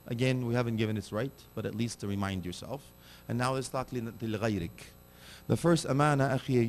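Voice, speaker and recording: A man preaching a sermon, animated and direct, asking his listeners pointed rhetorical questions. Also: medium pitch, a little hiss or hum.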